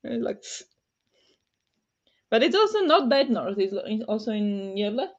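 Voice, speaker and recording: A woman's voice: a little high, very animated, normal speed, dull audio. A woman with a Flemish accent hosting a casual livestream from home, laughing often and reading the chat aloud. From Flanders. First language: Dutch. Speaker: livestream host. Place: home at night.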